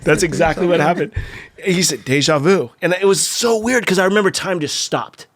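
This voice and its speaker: A man's voice: high-pitched, fairly quick, a bit bright. A middle-aged man from California, a skate video filmer, telling a story casually in a podcast interview, profane and acting out the voices of the people he quotes.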